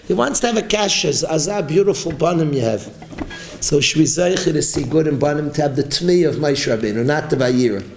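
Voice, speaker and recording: A man's voice: on the high side, quick pace, hardly any pauses, slight background noise. Emphatic preaching man in a roomy echo. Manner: emphatic, animated preaching with rising exclamations. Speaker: rabbi. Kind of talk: sermon.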